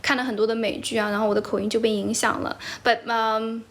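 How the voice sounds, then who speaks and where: A woman's voice: fairly high pitch, flat delivery, fast, fairly bright tone. A young woman from China with a Chinese accent, hosting a casual livestream and answering comments, laughing often and correcting herself as she switches between English and Mandarin. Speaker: livestream host teaching English.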